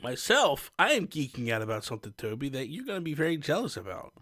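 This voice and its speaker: A man's voice: medium pitch, very animated, quick pace, a bit bright. A man co-hosting a casual podcast, rambling and teasing with frequent laughter. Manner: laughs often. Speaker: podcast co-host.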